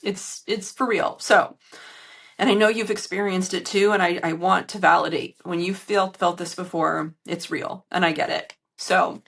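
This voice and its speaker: A woman coach talks straight to her listeners in a candid solo podcast, earnest and openly emotional. Her voice sits low with a gravelly edge. It is recorded on a phone in a hotel room. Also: steady tone, moderate pace, fairly bright tone. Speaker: podcast host and business coach.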